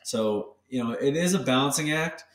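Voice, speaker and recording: A man's voice: mid-range voice, normal speed, roomy sound, far from the mic. A man co-hosting a casual podcast chat, talking candidly and animatedly, swearing freely and acting out the voices in his head. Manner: candid, profane, animated storytelling. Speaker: podcast co-host.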